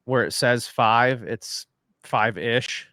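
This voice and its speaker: A man's voice: mid-range voice, slow, bright, forceful tone, no echo, clean studio sound. A man co-hosting a live podcast, chatting loosely and rambling, swearing casually. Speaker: podcast co-host. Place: at home after dinner.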